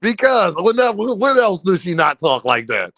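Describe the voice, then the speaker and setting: Animated, high-pitched Philly man streaming. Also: a little slow, gravelly, dry recording. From Philadelphia. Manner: animated, joking, profane, laughs often. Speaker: boxing livestream host. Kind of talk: casual livestream banter with chat. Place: home streaming setup.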